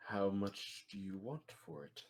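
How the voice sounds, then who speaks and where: A man playing a tabletop game, speaking in a deliberate, low-key way. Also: breathy edge. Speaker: player. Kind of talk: tabletop role-play in character.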